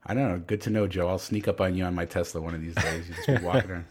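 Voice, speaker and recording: A man co-hosting a podcast, chatting casually and telling animated stories. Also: sits low, racing, husky. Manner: animated, storytelling. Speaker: podcast co-host. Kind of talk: casual chat.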